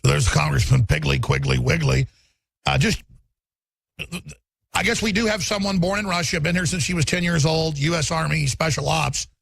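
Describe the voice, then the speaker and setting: A male talk radio host giving rapid, mocking political commentary. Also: on the high side, vocal fry, a bit bright, husky.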